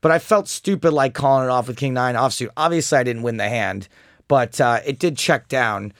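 A man talks casually through a poker hand he played, full of fillers and quick restarts. His voice sits at an ordinary middle pitch. The sound is dry and close, with no room around it. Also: no room sound. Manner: animated storytelling, mocks an opponent's angry chat. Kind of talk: casual chat.

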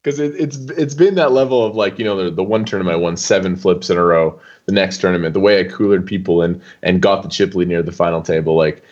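A young man talking as a guest on an interview show, loose and animated, full of casual fillers. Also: sits low, quick pace, few pauses, lo-fi sound. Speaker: poker player guest.

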